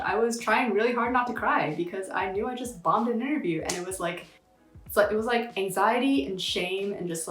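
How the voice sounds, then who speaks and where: A young woman in a casual vlog, telling a story in a chatty, slangy, animated way. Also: a little high, roomy sound. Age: young adult. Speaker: vlogger.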